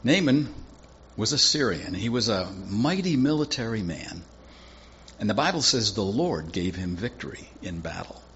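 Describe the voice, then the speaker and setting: Folksy male preacher with a lowish voice. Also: big pitch swings, moderate pace, a bit bright, lo-fi sound, slight background noise. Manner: conversational, folksy storytelling with asides. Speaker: pastor. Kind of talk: sermon.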